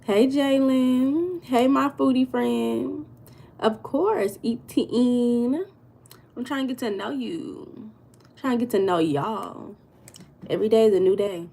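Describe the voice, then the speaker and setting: An American woman hosts a casual live stream, greeting viewers by name and replying to their comments. Her voice is a little high, warm and husky with vocal fry, and she takes her time.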